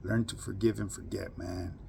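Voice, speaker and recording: A man's voice: low voice, steady tone, normal speed, vocal fry, darkish tone, a little hiss or hum. A man giving a blunt, profane monologue full of street slang to his online audience. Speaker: social media commentator. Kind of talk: casual monologue to camera.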